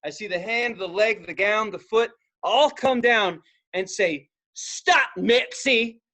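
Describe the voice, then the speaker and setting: A young man co-hosting a podcast, telling an animated story in casual chat and bursting into loud acted-out outbursts. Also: sits high, a little slow. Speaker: podcast co-host.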